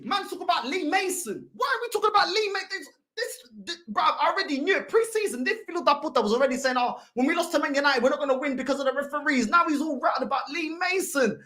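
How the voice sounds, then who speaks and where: A high, wildly swinging woman's voice tears into a heated reaction rant. She shouts and swears in exasperated, slangy bursts. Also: lively intonation, quick pace, hardly any pauses. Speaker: fan channel host reacting to videos.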